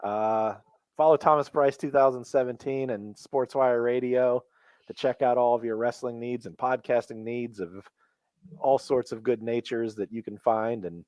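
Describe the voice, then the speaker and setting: A man's voice: medium pitch, fairly even intonation, normal speed, darkish tone, no room sound. Laid-back podcast co-host man. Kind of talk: casual chat.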